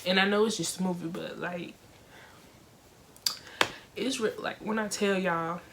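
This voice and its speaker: A young woman casually reviewing a film for her viewers, talking in an emotional, expressive way with lots of fillers. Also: lowish voice, unhurried, vocal fry, a little hiss or hum.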